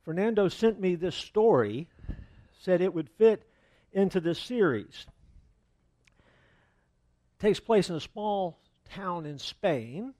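A male pastor preaching a sermon in a relaxed, conversational way, full of fillers and asides. His voice sits higher than most men's. The sound is close and dry, with no room echo. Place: church.

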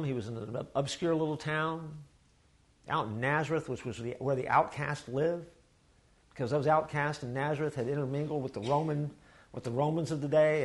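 A man preaching a sermon in a folksy, animated way, with quick asides to his congregation. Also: medium pitch. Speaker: pastor.

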